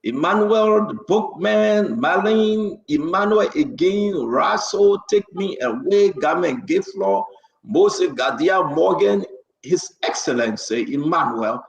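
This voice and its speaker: A man's voice: high voice, animated, slow pace, vocal fry, echoey room, poor audio. A man hosting a live talk show and greeting viewers by name, stumbling over hard names as he reads them out. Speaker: show host and preacher. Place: New Jersey area.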